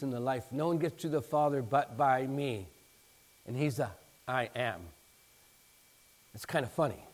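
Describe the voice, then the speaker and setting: A man preaching a sermon in an animated way, acting out bits of dialogue and building to emphatic peaks. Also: fairly high pitch. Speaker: pastor.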